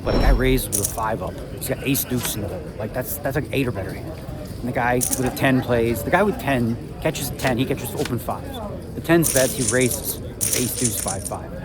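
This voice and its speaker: A man's voice: mid-range voice, moderate pace, a loud crowd, poor audio. A man chatting casually to his viewers in an upbeat vlog while playing poker. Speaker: poker player and vlogger. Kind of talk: casual vlog chat to camera.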